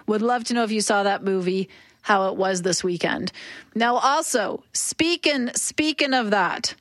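A woman hosting a morning radio show, telling stories in a chatty, animated way. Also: mid-range voice, no echo. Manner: chatty, animated storytelling with laughter. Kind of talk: casual radio chat. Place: radio studio. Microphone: studio microphone.

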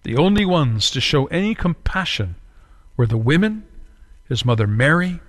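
Male preacher, fairly high voice, dramatic sermon delivery, slow solemn stretches and quick urgent ones, long hall reverb. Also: big pitch swings.

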